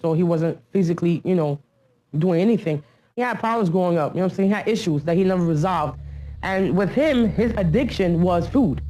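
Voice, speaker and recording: A woman's voice: medium pitch, warm tone, a little hiss or hum. A middle-aged woman recounting her past in a documentary interview, blunt and full of street slang. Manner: blunt street slang, frequent "you know what I'm saying".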